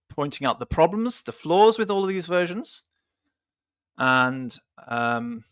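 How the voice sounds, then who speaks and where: A man's voice: medium pitch, sharp tone, dry recording, clean studio sound. A man hosting a casual discussion, talking through a book thoughtfully with frequent ums and restarts. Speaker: host.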